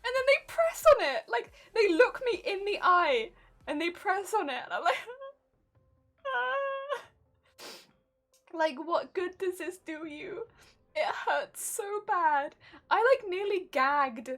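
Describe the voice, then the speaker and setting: A woman streamer chatting casually with her viewers, telling animated stories and laughing often. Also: very high voice, measured pace. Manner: reads and answers viewer chat. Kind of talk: casual live-stream chat.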